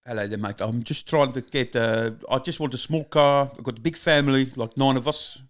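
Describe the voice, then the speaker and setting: A man doing a South African dad after a family car, put-on South African accent, slow and deliberate, the same everyday pitch as his own voice, unhurried and earnest in a comedy podcast bit. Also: natural voice.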